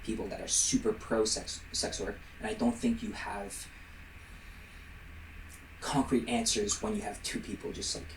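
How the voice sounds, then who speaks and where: A man's voice: on the low side, level tone, moderate pace, pauses often, a little hiss or hum. A man hosting a casual podcast, rambling and self-deprecating and often laughing, recorded on a laptop microphone. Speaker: podcast host. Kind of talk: casual chat. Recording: roomy laptop mic from a distance.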